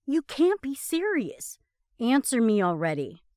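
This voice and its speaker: A woman voicing a hot-tempered young man who barks and yells in frustration. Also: a little high, sing-song, unhurried, no room sound, studio quality, voice pushed up. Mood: cross. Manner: cross, barking, yelling.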